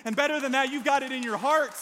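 A man's voice: very high-pitched, quick pace, a faint crowd, a little hiss or hum. A male pastor preaching a conversational sermon to his congregation, mixing humor with earnest emphasis and checking in with "okay?" and "amen?". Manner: lively storyteller who mixes humor with earnest emphasis. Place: church service before a congregation. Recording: long hall reverb.

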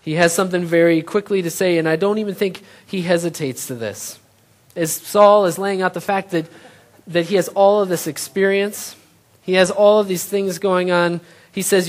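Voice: mid-range voice, steady tone, normal speed. A preacher giving a sermon, retelling a scripture story in plain everyday terms and asking the audience rhetorical questions.

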